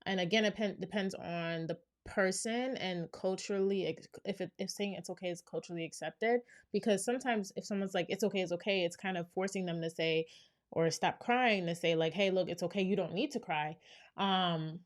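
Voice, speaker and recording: Reflective woman therapist, lowish voice. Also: normal speed. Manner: reflective, explains step by step, many "right?" asides. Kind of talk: reaction commentary.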